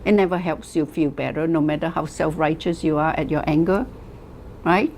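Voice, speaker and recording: A woman teaching a class, telling stories slowly and deliberately, asking rhetorical questions and repeating phrases for emphasis. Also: low-pitched, darkish tone, slight background noise. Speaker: wellness teacher. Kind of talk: lecture to a class.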